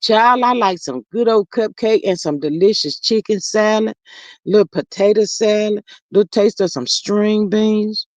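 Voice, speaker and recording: A woman hosting a casual gossip livestream, reading chat comments aloud and drawling slang, swinging between loud calls and low murmurs. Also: unhurried, no room sound. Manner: drawling Southern slang, says child a lot, reads comments aloud.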